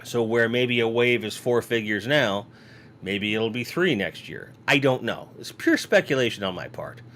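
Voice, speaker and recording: A yawning man hosts a casual toy-collecting live stream from home, toy shelves at his back, rambling and reading viewer comments aloud. His mid-range voice is animated and fairly bright at a normal speed, over slight background noise.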